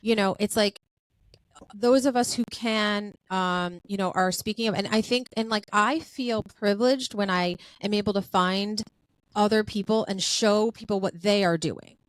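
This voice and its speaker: A woman's voice: medium pitch, normal speed, clean tone, low-quality recording. A woman hosting a podcast interview, talking in a chatty way with many fillers and restarts. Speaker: podcast host. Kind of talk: casual interview chat.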